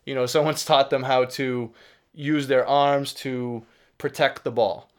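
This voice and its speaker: A man with a Boston accent speaks in a mid-range voice, steady and unhurried, with a clean tone. He co-hosts a soccer talk show and coaches youth soccer, and his casual sports chat is full of fillers and restarts.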